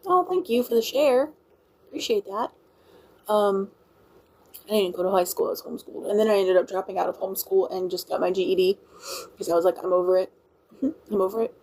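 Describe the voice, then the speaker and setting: On a rough recording, a Louisiana woman speaks fairly quickly in a mid-range, darkish voice with a country Cajun accent. As a livestream host, she chats casually, rambles along and thanks the people watching.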